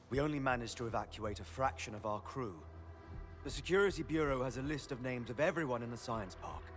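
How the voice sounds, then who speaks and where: An actor playing a dutiful, courteous rescue officer in a game, speaking formally with a wry edge. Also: male voice, mid-range voice, a bit bright, a little hiss or hum, natural voice. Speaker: game character. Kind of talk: game voice acting. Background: faint game music.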